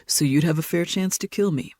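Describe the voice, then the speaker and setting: A woman's voice: lowish voice, a little fast, warm tone, no echo, clean studio sound, natural voice. Woman voicing a big joking young man. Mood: defensive. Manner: joking, reassuring. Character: big easygoing young man, wry and excited.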